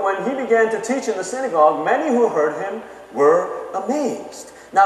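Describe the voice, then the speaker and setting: A man preaching a sermon in a conversational way, often checking in with his listeners. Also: high voice. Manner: conversational, keeps asking "okay?". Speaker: pastor. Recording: echoey hall, mic from far off.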